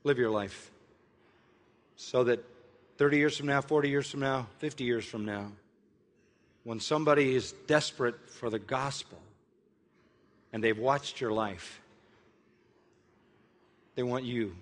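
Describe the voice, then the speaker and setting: Older man preaching in a reverberant hall. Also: medium pitch. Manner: earnest storytelling, spells words out slowly. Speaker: pastor. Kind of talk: sermon with personal story.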